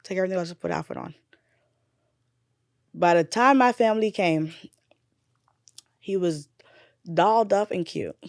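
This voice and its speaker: A woman's voice: lowish voice, normal speed, vocal fry, pauses often, dry recording, clean studio sound. A woman, a nurse and bereaved mother, retelling a painful memory in a candid podcast conversation. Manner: candid, swearing, drifts from loud retelling to quiet grief.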